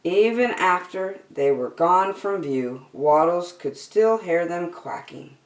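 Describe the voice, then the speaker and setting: A woman reading a children's picture book aloud with slow, expressive delivery. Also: lowish voice. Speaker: children's storyteller. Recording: roomy, from a distance.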